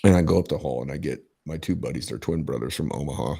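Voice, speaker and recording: This is a middle-aged man with a very deep, gravelly voice that has a husky edge. He hosts a casual podcast and tells stories emphatically, swearing freely and often stumbling and restarting his sentences. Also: fast talker, warm tone. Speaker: podcast host. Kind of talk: casual profane storytelling.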